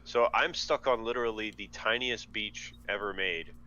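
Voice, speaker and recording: Excitable tabletop player, dull lo-fi audio. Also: male voice, fairly low pitch, moderate pace. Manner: playful, excitable, laughs often. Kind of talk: casual online game chat.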